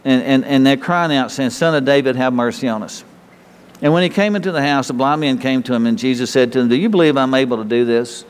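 A man's voice: mid-range voice, quick pace, smooth. A man preaching a sermon in a folksy, conversational way, often restarting phrases and chuckling. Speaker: pastor. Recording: reverberant hall.

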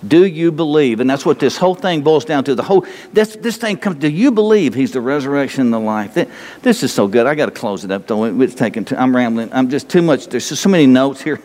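A man's voice: medium pitch, lively intonation, quick pace, a little mellow, long reverb tail. A man preaching a sermon, emphatic and rambling, pressing his listeners with repeated questions. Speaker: pastor.

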